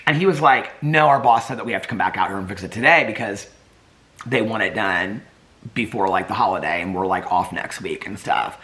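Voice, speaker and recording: A man telling a story to his camera in a casual vlog, chatty and animated, laughing often and acting out the people he quotes. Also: lowish voice, fairly quick. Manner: drops to a hushed whisper near sleeping dogs. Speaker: vlogger. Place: home.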